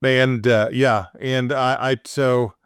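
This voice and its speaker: A man's voice: mid-range voice, steady tone, slow, smooth, no room sound, studio quality. A man in casual chat, telling a long story with many fillers and restarts.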